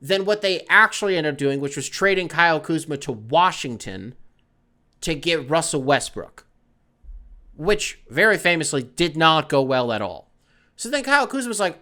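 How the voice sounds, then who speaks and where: A man's voice: high-pitched, very animated, normal speed, sharp tone. A man hosting a sports podcast, rambling and joking in casual chat, swearing freely. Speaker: podcast host.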